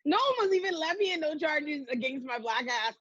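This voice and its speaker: A woman's voice: sits high, lively intonation, brisk, a bit bright, highs cut off. A woman guest on a casual online panel, talking emphatically and laughing in disbelief.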